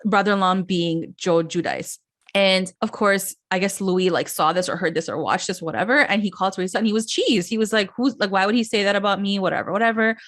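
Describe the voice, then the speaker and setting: A woman hosting a casual podcast, chatty and animated, with a lot of "like" between her words. Her voice sits at a middle pitch, and she slips into quick impressions of other people as she recaps. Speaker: podcast host. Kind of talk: casual chat.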